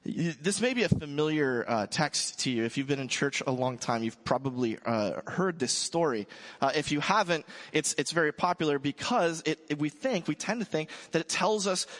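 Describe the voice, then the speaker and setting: A man preaching a sermon in a relaxed, conversational way, joking with his congregation. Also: on the high side, normal speed, big-room sound. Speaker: pastor.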